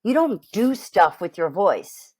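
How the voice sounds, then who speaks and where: A woman vocal coach chatting casually about a song, lively, and acting out voices as she talks. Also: medium pitch, takes it slowly, slightly rough. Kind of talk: casual chat, reacting to a song.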